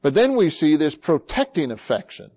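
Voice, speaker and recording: A man preaching a sermon in a deliberate way, dropping to a hush and then rising with emphasis. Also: fairly high pitch, very animated, lo-fi sound. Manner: slow, deliberate preaching that swings from hushed to emphatic. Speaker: pastor.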